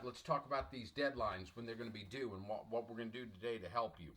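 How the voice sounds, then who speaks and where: A middle-aged man, a college English professor, lecturing an online class in an emphatic, repetitive, motivational way and clearing his throat often. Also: mid-range voice, quick pace, few pauses, fairly bright tone.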